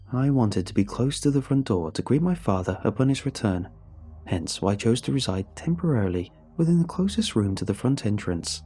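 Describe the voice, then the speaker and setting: A man reading a scripted horror story in a measured, somber way. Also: on the low side, warm tone, slightly rough. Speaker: narrator. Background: faint music.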